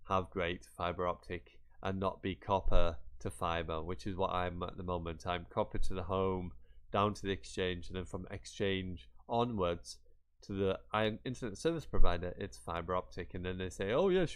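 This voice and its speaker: A man's voice: low-pitched, fairly even intonation, moderate pace, clean tone. A man with a chatty, rambling delivery, talking viewers through a website in a screen-share tutorial, with mock-exasperated asides. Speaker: YouTuber.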